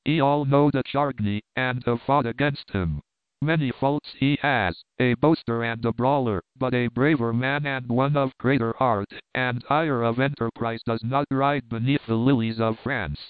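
A man's voice: mid-range voice, steady tone, normal speed, smooth, dry recording, natural voice. A man reading an earnest young prince. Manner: earnest, firm. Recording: tinny narrow-band dry recording.

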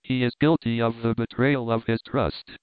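A man's voice: medium pitch, flat delivery, moderate pace, clear, resonant tone, no echo, close to an everyday voice. Angry medieval king, commanding and accusing, read by a man, dry, narrow-band audio. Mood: wrathful. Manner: stern, accusing.

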